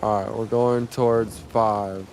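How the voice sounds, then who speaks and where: A young man cursing his way through a game, talking to himself and breaking into loud exclamations. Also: fairly low pitch, fairly even intonation, takes it slowly, slight background noise. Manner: profane, talks to himself, bursts into loud exclamations. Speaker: gamer. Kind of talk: live gameplay commentary.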